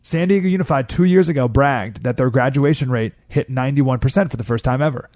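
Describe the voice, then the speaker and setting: A man's voice: medium pitch, a little fast, hardly any pauses, a little mellow, dry recording, studio quality. A man hosting a talk radio show, delivering an opinionated monologue with sarcastic, incredulous jabs and laughter.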